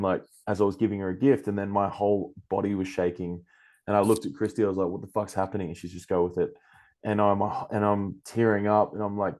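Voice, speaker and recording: Male podcast guest, Australian accent, low-pitched, lively anecdotal delivery with acted-out quotes. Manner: animated, swears freely, acts out quoted speech. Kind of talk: casual storytelling.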